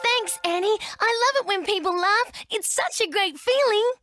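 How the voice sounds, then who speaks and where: A woman voicing an excited, playful young girl who loves clowning, in a children's storybook. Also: extremely high pitch, normal speed, loud music behind the voice. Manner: excited, eager.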